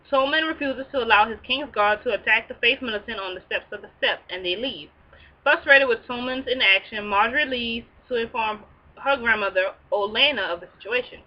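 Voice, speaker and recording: A woman's voice: a little high, dull audio. A woman hosting a casual episode recap, reading plot summaries and breaking in with sassy, slangy asides. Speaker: recap show host.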